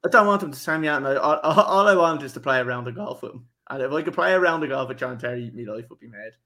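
With a mid-range voice, lively intonation and a sharp tone, this young podcast host talks fast in casual football chat. His rambling story is packed with laughter and swearing.

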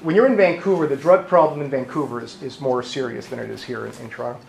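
A man, a therapist, giving a lively, humorous conference talk and acting out voices. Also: mid-range voice, fast talker, gravelly, roomy sound, slight background noise, poor audio. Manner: lively and joking, acts out voices. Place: conference hall.

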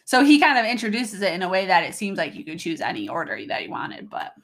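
A woman's voice: mid-range voice, wildly swooping pitch, fast talker. Hesitant woman chatting casually. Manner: hesitant, filler-heavy, searching for words. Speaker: podcast co-host. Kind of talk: casual chat.

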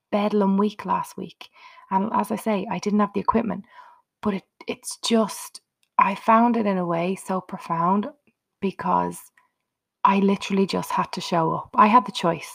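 A woman's voice: mid-range voice, gravelly. A woman hosting her own motivational podcast, talking unscripted and earnestly, chatting straight to her listeners. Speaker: podcast host.

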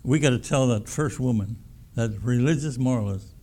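Gravelly-voiced man preaching a folksy sermon. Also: medium pitch, moderate pace, dark tone. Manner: folksy, emphatic preaching with repeated words. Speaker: pastor.

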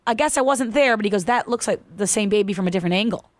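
A woman's voice: mid-range voice, racing, dry recording. A woman casually telling a personal story, acting out the voices of the people in it. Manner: animated, acts out quoted voices.

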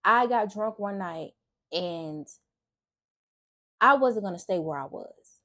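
A woman's voice: mid-range voice, lively intonation, slow, bright, forceful tone. A young woman giving a candid, emotional personal faith testimony in a casual, earnest way, often restarting her sentences. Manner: casual speech with frequent restarts. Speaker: faith vlogger.

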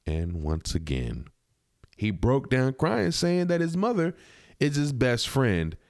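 A man's voice: mid-range voice, big pitch swings, takes it slowly, darkish tone, no room sound, studio quality. A man hosting a podcast, giving blunt, indignant commentary on a video clip and swearing freely. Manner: blunt, profane, indignant, repetitive. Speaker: podcast host.

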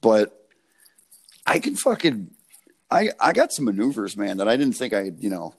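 A man's voice: on the low side, big pitch swings, moderate pace, husky. Rambling, profane American guy. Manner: rambling, profane, laughs through his stories. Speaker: podcast co-host. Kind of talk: casual storytelling chat.

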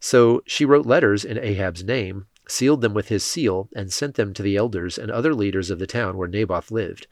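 A man reads scripture in a steady, measured narration. His voice sits low, and the recording is dry with no room sound around it. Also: no room sound. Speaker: scripture reader.

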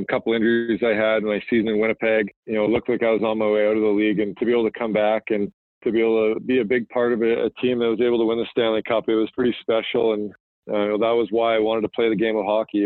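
Over a tinny phone line with a dry sound, a professional hockey player from Manitoba, Canada, talks as a guest in a casual phone interview. His lowish voice is relaxed and rambling, full of fillers and restarts.

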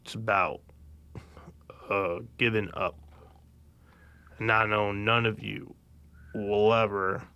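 Give me a man doing an earnest soccer coach, unhurried and a bit lower-pitched. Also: little pitch movement, bright, forceful tone, smooth, exaggerated voice. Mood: rousing. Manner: slow, earnest pep talk with pauses. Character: inspiring male soccer coach rallying his team. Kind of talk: audio drama monologue.

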